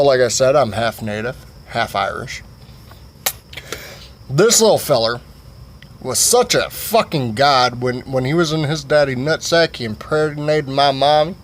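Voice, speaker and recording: A man vlogging a comic story in a rambling, profane way with many fillers. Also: medium pitch.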